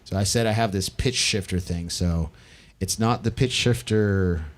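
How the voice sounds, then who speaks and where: A man's voice: on the low side, a little slow, over a noisy crowd. A male live-looping musician walking through his gear in a loose, self-correcting way while he plays. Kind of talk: casual gear demo. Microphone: vocal stage mic.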